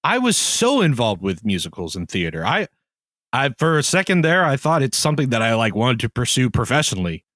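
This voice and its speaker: A man co-hosting a comedy podcast, animated and quick to get heated, laughing often. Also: mid-range voice, no room sound, studio quality. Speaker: podcast co-host. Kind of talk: casual comedic chat.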